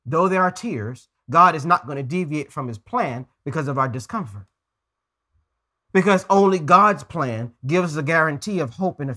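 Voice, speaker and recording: A man's voice: on the high side, pushed and bright. A man preaching a conversational sermon as pastor, earnest, often stumbling and repeating words as he goes.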